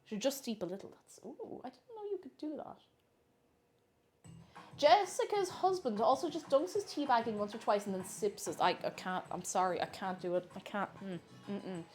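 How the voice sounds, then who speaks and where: A woman's voice: medium pitch, animated, normal speed, faint music behind. A woman chatting casually while baking live in her kitchen, laughing often and reading out chat messages.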